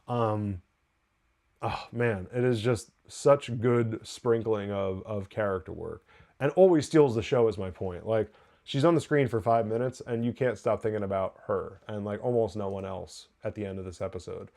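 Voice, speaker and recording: Male TV review host, casual and excitable, swears freely, fills with "um" and "like". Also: on the low side, normal speed, creaky. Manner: excited, loose and profane, with many fillers. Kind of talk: casual live TV episode review.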